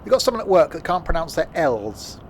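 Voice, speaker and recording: A man's voice: on the high side, sing-song, brisk, slight background noise. Rambling man streaming a game. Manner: rambling, jokey, often trails off mid-sentence. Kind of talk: casual gameplay commentary.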